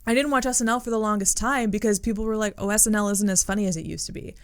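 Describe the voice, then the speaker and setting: A woman's voice: mid-range voice, fairly even intonation, rapid-fire. A woman co-hosting a podcast, chatting casually and rambling with lots of fillers. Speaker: podcast co-host. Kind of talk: casual chat.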